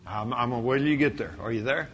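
A man preaching a sermon to a congregation. He acts out dialogues, stretches key words and builds toward shouting. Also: medium pitch, fast, slight background noise. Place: church before a responding congregation.

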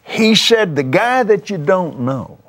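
Man, TV preacher, fervent, exclamatory, fairly high, very lively pitch. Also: slow pace. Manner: fervent and exclamatory, with sudden excited jumps. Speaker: preacher and TV show host. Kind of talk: testimony-style preaching in conversation.

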